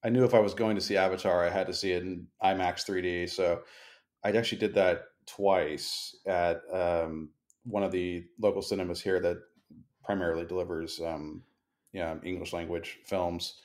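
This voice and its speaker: A male podcast co-host chats casually from a hotel room, speaking in a wordy, articulate way over a remote call recording. His voice is low-pitched and darkish, fairly even in intonation, at a moderate pace.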